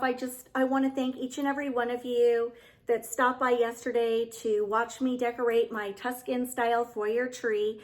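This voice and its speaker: A woman home decor vlogger chatting casually and warmly to her viewers, gushing and heartfelt. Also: fairly high pitch. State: getting emotional. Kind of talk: casual vlog chat to viewers.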